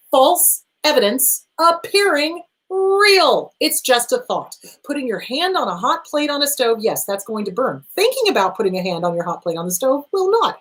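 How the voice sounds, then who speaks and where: Here a therapist host, a woman in middle age, tackles questions from viewers on her advice program, addressing the listener head-on in a lively, emphatic manner. The low-quality recording carries a slightly high voice.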